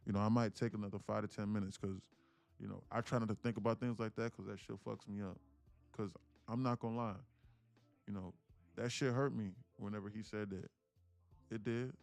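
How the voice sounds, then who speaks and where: A man of about 30 streams his day trading to viewers, telling a heartfelt story emphatically, swearing casually and repeating "listen, look" again and again. His voice is fairly low, creaky, a little mellow, and brisk with fairly even intonation, recorded dry on a close mic with faint music underneath.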